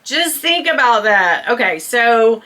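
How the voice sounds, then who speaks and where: Bright-voiced chatty woman in her fifties. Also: fairly high pitch, slow. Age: 50s. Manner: animated, laughing, acts out voices in quotes. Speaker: vlogger. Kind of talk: casual storytime chat to camera.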